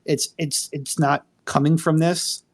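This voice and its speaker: A man's voice: on the high side, little pitch movement, measured pace. Rambling, cussing male host. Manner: rambling, profane, many fillers. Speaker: attorney. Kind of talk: casual live chat.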